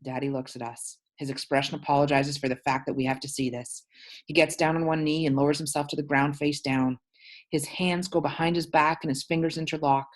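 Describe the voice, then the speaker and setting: Woman teacher, very deep voice, reads a novel aloud and explains words as she goes. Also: level tone, brisk. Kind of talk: reading a novel aloud to a class.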